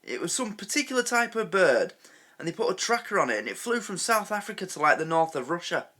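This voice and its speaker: An English man hosting a reaction video, giving animated, casual commentary and ranting with laughs. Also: high voice, fast. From England.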